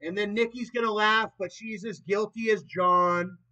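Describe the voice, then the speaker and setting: A man in his late twenties vlogging in a rambling, profane monologue that swings between loud and soft. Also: sits high, fairly even intonation, moderate pace. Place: old property in the countryside. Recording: dull lo-fi recording.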